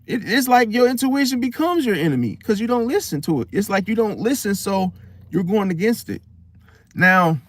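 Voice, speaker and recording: A man's voice: sits high, moderate pace, no echo. A man hosting an astrology talk, speaking casually with slang and acting out other people's thoughts. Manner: animated, slangy, acts out inner voices. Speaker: astrology channel host. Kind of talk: casual spoken monologue.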